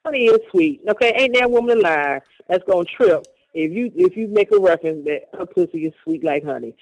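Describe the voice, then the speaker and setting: A man co-hosting a podcast, loud and teasing, who repeats his jokes and bursts into shrieks. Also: high voice, expressive, fairly quick, dry recording, dull audio. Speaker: podcast co-host. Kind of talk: crude casual banter.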